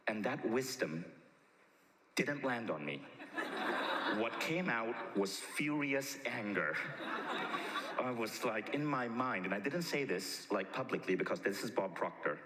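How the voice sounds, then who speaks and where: A man telling a story on stage in a lively motivational talk, sometimes rushing and sometimes drawing words out. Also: medium pitch. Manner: animated, shifts between rushed and drawn-out. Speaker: speaker at a personal-growth event. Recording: echoey hall.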